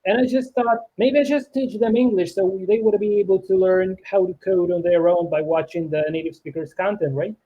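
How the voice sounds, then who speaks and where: A man from Ukraine speaking English in a casual chat, halting with many restarts and fillers. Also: high voice, lo-fi sound. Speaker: programmer and YouTuber. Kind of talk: casual conversation.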